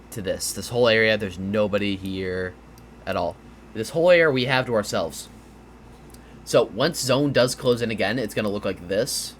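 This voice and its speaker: There's a little hiss or hum behind this man's low voice as he casually explains strategy over a game map. Tired and yawning, he rambles a bit, using fillers and restarting sentences in his gameplay breakdown.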